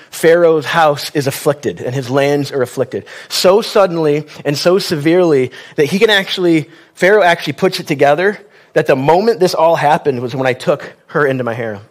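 A man preaching a sermon in a conversational style, with wry asides and questions to the congregation. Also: on the high side.

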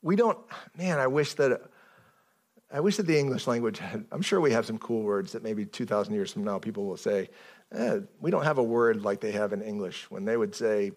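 A man preaching a sermon in a conversational way, often stopping and restarting his sentences and rising in pitch as he stresses a point. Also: fairly quick. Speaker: pastor.

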